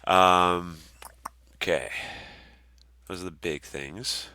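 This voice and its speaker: A man teaching as an online course instructor in a casual walkthrough, relaxed with lots of ums and uhs. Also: sits low, extremely slow, clean tone, no room sound. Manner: relaxed, many ums and uhs, friendly asides.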